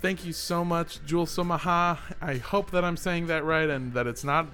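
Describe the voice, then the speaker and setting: A man's voice: on the high side, steady tone, moderate pace, bright, forceful tone, faint music behind. A man hosting a podcast in casual, joking banter, reading listener reviews aloud. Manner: playful, jokey, reads listener reviews aloud. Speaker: podcast host.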